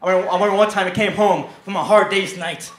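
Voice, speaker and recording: A young man performs a stand-up comedy set on a club stage and tells his stories deadpan. His voice sits a little high for a man. The handheld mic catches a roomy echo and loud crowd noise behind him. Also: fast. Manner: deadpan storytelling with brief shouted character bits.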